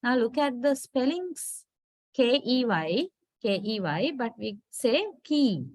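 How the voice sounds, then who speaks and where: A woman gives a slow classroom lecture on English pronunciation, patiently spelling out words and checking understanding with "right?" Her voice is on the high side with lively intonation, delivered slowly, with no echo.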